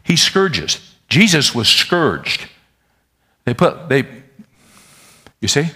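A man's voice: medium pitch, extremely slow, slightly rough. Folksy man preaching a sermon. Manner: folksy, animated preaching with asides to the congregation. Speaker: pastor.

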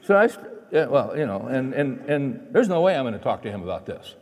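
A man's voice: mid-range voice, sing-song, a little fast. A man preaching a sermon in a chatty, folksy storytelling way, acting out the dialogue in his stories. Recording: long reverb of a large hall.

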